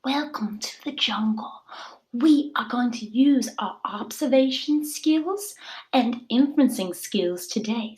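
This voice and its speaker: A woman voicing a female jungle explorer with a made-up accent, speaking in a hushed, secretive whisper for a children's lesson video. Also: medium pitch, lightly acted.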